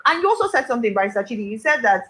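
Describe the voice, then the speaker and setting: A woman's voice: on the high side, sing-song, fairly bright tone, rough recording. A woman with a Nigerian accent hosting a talk show panel, summing up guests' points before asking her question. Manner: measured, recaps guests' points. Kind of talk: moderating a panel.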